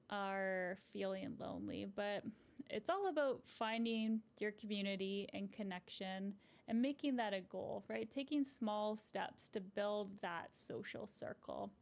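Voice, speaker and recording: Woman, couples therapist, live advice stream; mid-pitched, conversational, encouraging, checks in with "right?" often. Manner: gentle, encouraging, explanatory. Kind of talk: live-streamed advice chat answering viewer comments.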